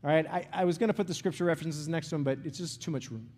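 A man's voice: fairly high pitch, very fast, darkish tone. A middle-aged man giving a conversational sermon as a pastor, often checking in with "right?" and "okay?" and restarting phrases. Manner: repeats words and restarts phrases. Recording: long reverb of a large hall.

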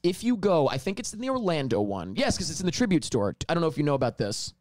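A man's voice: on the high side, fast talker, no room sound, studio quality. A man chatting casually as a podcast guest, telling stories with lots of laughter. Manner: animated storyteller, laughs often. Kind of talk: casual chat.

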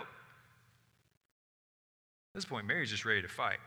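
Male preacher, animated storyteller, bright tone, big reverberant room. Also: on the low side, unhurried. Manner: animated storytelling, acts out voices, swings from loud to hushed. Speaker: pastor. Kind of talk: sermon.

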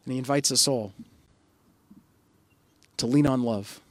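A man's voice: medium pitch, no echo. Earnest male pastor preaching. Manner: earnest, reflective, with soft dropping pauses. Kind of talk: sermon.

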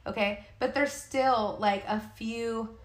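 Young adult woman, podcast co-host, a little high-pitched, chatty and emphatic with sarcastic asides; roomy echo. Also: steady tone, takes it slowly. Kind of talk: casual chat.

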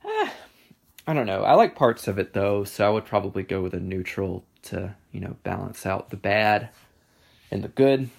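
A man's voice: on the low side, very animated, moderate pace, creaky. A man giving casual solo commentary on songs, hesitant and offhand, with many ums and restarts and a dry sense of humor. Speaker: music reviewer.

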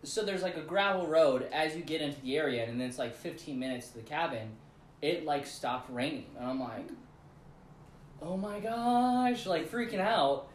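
A man's voice: on the high side, moderate pace, a little hiss or hum. A man casually telling a long, rambling story to friends, laughing often as he goes. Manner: rambling, animated retelling with laughs. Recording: echoey room.

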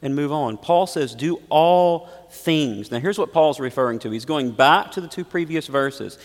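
Male pastor, gravelly tone, dynamic sermon delivery, long hall reverb. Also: mid-range voice, lively intonation, normal speed. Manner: preaching with big swings between loud emphasis and quiet asides.

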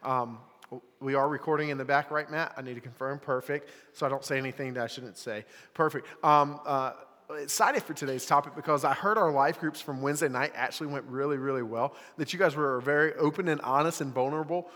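Young man, youth pastor, relaxed chatty sermon, slightly high voice, recorded live in a reverberant church. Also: brisk. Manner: casual, conversational, lots of filler words.

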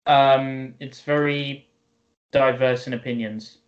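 A man's voice: medium pitch, fairly even intonation, takes it slowly. A man co-hosting a podcast in casual chat, explaining his views earnestly and patiently. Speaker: podcast co-host. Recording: dull lo-fi sound.

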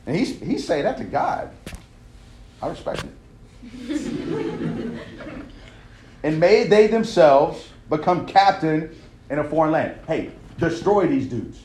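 A man's voice: a little high, lively intonation, a little slow, darkish tone, a little hiss or hum. Young guy coach preaching hard, keeps asking all right?, echoey room. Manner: emphatic, conversational preaching with frequent "all right?" check-ins. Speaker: coach leading a devotional. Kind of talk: sermon.

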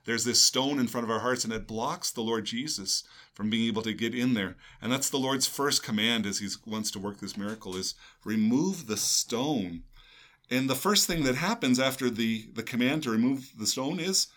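A man's voice: medium pitch, a little fast, hardly any pauses, a bit bright. An older man, a priest, reading a gospel passage aloud and then reflecting on it in earnest, meditative talk with a co-host. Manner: earnest, meditative, with some restarts.

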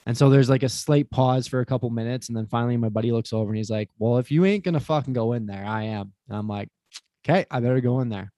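A man's voice: mid-range voice, fast talker, dry recording. A young man on a podcast, telling a crude personal story in casual chat, swearing often and acting out what people said. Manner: animated, profane, acts out quotes. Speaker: podcast guest.

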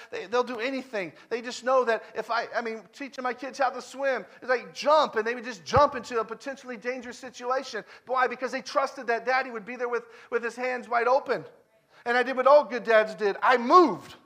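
This guest preacher, a man of thirty to forty-something, has a very high-pitched voice. He delivers a conversational, story-driven sermon, repeating phrases emphatically and moving from loud declarations down to hushed, quiet passages.

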